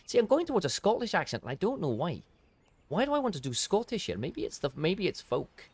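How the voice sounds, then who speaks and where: A man's voice: high-pitched, huge pitch swings, fairly quick, a little mellow, breathy edge, no echo. Chatty man thinking aloud over a game. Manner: self-critical, thinking aloud, stumbling restarts. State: a little tired. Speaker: game streamer. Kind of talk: casual gameplay commentary.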